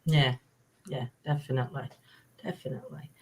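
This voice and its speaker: A woman's voice: a bass voice, steady tone, moderate pace, a little mellow, slight background noise. A woman hosting a live interview, asking questions with hesitations and stumbles. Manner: hesitant, stumbles over words. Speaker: interview host.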